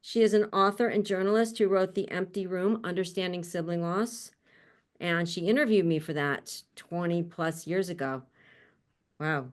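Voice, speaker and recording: A woman hosts an online panel over a video call, introducing each guest warmly. She is chatty and laughs often, with friendly asides between names. Her voice sits slightly low for a woman. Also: normal speed. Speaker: panel host.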